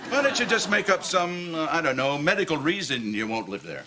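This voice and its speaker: Stiff older conservative dad, sarcastic and dry, lively pitch, noisy sitcom track. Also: male voice, brisk. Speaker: groom's father. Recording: sitcom with background noise.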